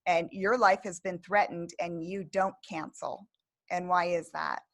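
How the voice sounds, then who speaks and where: A woman's voice: on the low side, steady tone, unhurried, vocal fry. A woman interviewing a guest, asking probing questions in a casual, apologetic manner. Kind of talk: conversational interview.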